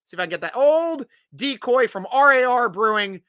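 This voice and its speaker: Man, high voice, very bright and forceful tone, chatty fan host, dry close mic. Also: moderate pace, clear, resonant tone, no echo. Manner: energetic, chatty, bursts of loud excitement. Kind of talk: casual sports chat reading viewer comments.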